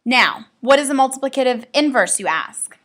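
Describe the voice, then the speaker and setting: A woman's voice: sits high, lively intonation, moderate pace, a bit bright. A woman teaching a recorded math lesson, explaining step by step with playful asides to her students.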